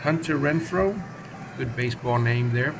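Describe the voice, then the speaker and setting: A man's voice: medium pitch, unhurried, noisy background. A man calling play-by-play for a simulated baseball game on his own, casual and chatty, with asides and self-corrections. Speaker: play-by-play commentator.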